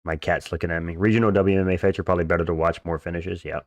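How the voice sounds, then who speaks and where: A man's voice: low-pitched, flat delivery, racing, no room sound. Blunt, joking male streamer. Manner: blunt, joking, crude and dismissive. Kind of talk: casual live-stream chat, reading chat and reacting.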